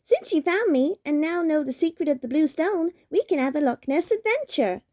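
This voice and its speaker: Lady doing a sweet pink loch monster voice, high and bouncy, soft and gentle, storybook vibe. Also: lively intonation, normal speed. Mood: cheerful. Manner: high, sing-song and gentle. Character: friendly pink female plush loch monster. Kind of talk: storybook character voice.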